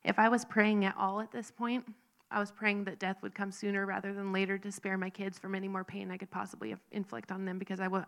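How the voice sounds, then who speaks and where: A woman telling her personal faith testimony in an earnest, halting, emotional way. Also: medium pitch, creaky, fairly bright tone. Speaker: speaker sharing a recovery testimony.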